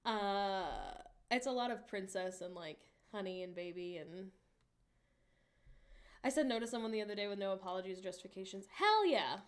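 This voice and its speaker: A woman in her late twenties, hosting a livestream in a casual, candid chat and reading viewer messages aloud with animated asides. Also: medium pitch, normal speed. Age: late 20s. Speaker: livestream host.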